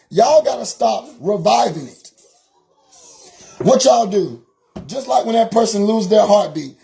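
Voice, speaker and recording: Man, high gravelly voice, lively swooping delivery; preachy motivational live-stream talk, emphatic and repetitive.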